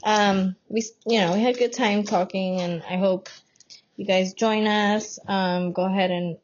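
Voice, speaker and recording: A woman's voice: mid-range voice, fairly even intonation, moderate pace, slight background noise. Chatty woman co-hosting a podcast. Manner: laughs often, lots of fillers, chatty. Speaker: podcast co-host. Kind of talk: casual chat. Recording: dull lo-fi sound.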